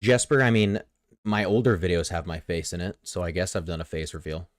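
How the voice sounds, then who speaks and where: A man casually commentating his own speedrun, excitable and self-mocking, swearing freely. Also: sits low, a little fast, no echo. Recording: game music clearly behind the voice. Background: game music.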